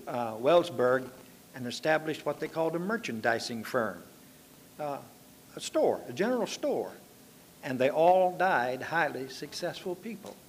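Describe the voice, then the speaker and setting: A man preaching a sermon, earnest and steady. He lifts his voice to stress a point, then falls soft and low to plead with his listeners. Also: a little hiss or hum. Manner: earnest, rising to emphatic appeals then dropping quiet.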